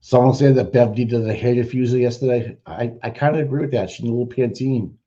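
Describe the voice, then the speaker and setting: A livestream host with a mid-range, mellow voice talks fast, giving blunt, rambling commentary packed with swearing. The audio is dull and lo-fi.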